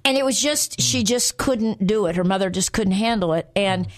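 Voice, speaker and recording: A woman hosting a Christian radio talk show, telling personal stories earnestly and slowing down on key words. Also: medium pitch. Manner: earnest, slows down for emphasis.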